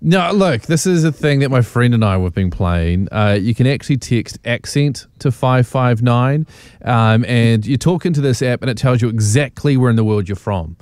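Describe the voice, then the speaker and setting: A man's voice: mid-range voice, lively intonation, a little mellow, smooth, no room sound. A man hosting a radio show, bantering playfully and laughing at himself. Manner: playful, self-deprecating, quick to laugh. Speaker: radio host.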